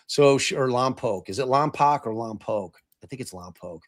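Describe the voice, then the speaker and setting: A man's voice: medium pitch, fairly quick. A man hosting a podcast in casual chat, rambling with lots of swearing, fillers and restarts. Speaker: podcast host.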